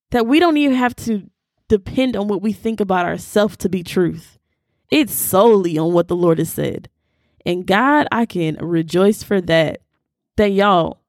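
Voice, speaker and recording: A woman's voice: medium pitch, no room sound, studio quality. A young woman teaching the Bible in a conversational, preachy way, using casual slang. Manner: animated and preachy, with Southern "y'all" slang. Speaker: host of a Bible teaching podcast.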